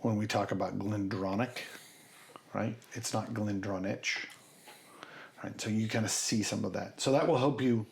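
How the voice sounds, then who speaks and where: A man from north central Kansas co-hosting a podcast, explaining in a lively, joking manner. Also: fairly low pitch, brisk, creaky, few pauses, slight background noise. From north central Kansas, USA. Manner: animated, explains with asides and jokes. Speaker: podcast co-host. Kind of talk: casual chat.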